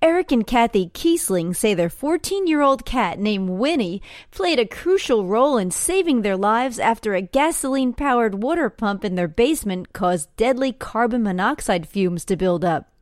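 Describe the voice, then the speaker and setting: A woman reads a short news item, steady and scripted. Her voice sits a bit high and sounds close and dry, with no room around it. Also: normal speed, dry recording. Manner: even, read-aloud delivery. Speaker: news reporter.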